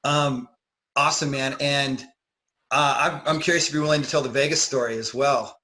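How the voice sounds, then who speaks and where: A man's voice: mid-range voice, steady tone, moderate pace, sharp tone, low-quality recording. A man, a dating coach, interviewing a client in casual, encouraging talk full of fillers.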